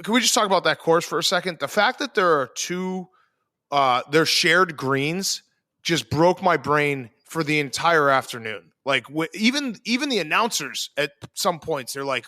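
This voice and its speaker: A man hosting a sports podcast in casual chat, excitable, swearing and jumping between quick asides. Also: a little high, no room sound, studio quality. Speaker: podcast host.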